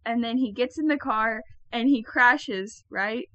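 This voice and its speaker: A young woman with a high voice tells a rambling story, excited and quick to laugh. The sound is dry and close on a video call. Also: no echo, muffled recording. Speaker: podcast guest. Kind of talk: casual chat.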